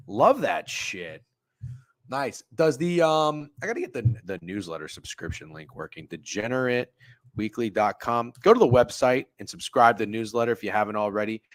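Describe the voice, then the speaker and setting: A young man casually hosting a sports betting livestream, rambling and swearing as he talks to his chat. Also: mid-range voice. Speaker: sports betting stream host.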